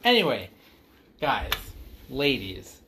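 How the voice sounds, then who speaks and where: A man's voice: medium pitch, wildly swooping pitch, slow pace, pushed and bright, a little hiss or hum. A man co-hosting a casual podcast, ranting heatedly and swearing often. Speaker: podcast co-host.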